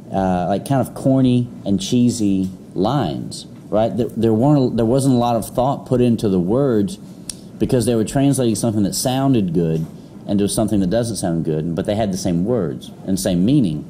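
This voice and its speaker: A man's voice: on the low side, normal speed, dark tone, slight background noise. A young man teaching a classroom lecture, rambling with many fillers and restarts.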